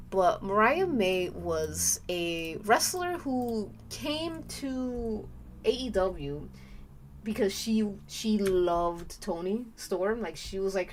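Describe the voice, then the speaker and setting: A young woman streaming live, chatting casually and rambling with lots of fillers, now and then bursting into excited squeals. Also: medium pitch, a little hiss or hum.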